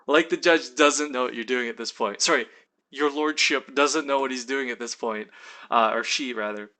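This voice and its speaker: A young man telling a story casually in his vlog, animated, full of fillers and acted-out quotes. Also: mid-range voice, a little fast. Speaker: vlogger.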